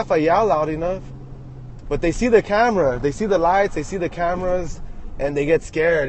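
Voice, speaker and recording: A slightly high-voiced man rambles from the driver's seat of his truck, cracking crude jokes and restarting his sentences. A faint hum from the vehicle sits under his voice. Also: a little mellow. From Los Angeles area. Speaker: vlogger filming while driving. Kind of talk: rambling self-filmed commentary. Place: inside a truck, driving.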